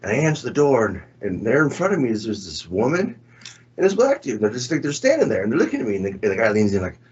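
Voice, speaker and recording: A man's voice: medium pitch, huge pitch swings, quick pace, a little mellow, husky, highs cut off. A man retelling a joke in casual chat, rambling with restarts and acting out the voices he quotes. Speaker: podcast host.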